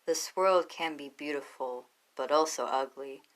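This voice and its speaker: A woman voicing a wise, wary captive dragon that speaks firmly and quietly in a read-aloud story. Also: sits low, a little slow, low-quality recording. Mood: solemn. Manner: firm, quiet and solemn.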